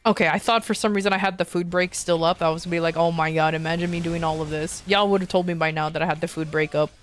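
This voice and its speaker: A woman's voice: on the low side, steady tone, fast talker. A woman streamer chatting casually with her viewers, playful and joking, laughing often. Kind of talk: casual live-stream chat.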